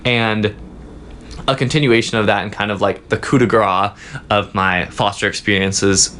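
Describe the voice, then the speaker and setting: A young man, a student guest in a casual interview, telling a story in a halting way with many fillers. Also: fairly low pitch, fairly even intonation, fairly bright tone, slight background noise. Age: young adult. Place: office.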